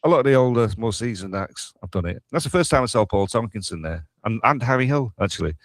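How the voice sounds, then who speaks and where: A man with a lowish voice recalls an old night out, unhurried and a little halting. The recording is dry and close. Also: no room sound. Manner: relaxed, hesitant storytelling with fillers. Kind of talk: casual chat.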